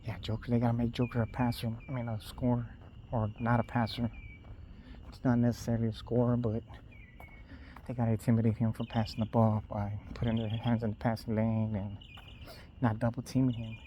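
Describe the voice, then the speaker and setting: A man's voice: mid-range voice, little pitch movement, dark tone, a little hiss or hum. A man rambling casually on a night walk outdoors, recorded on a phone held in his hand. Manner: loose, unhurried rambling with trailing restarts. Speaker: vlogger.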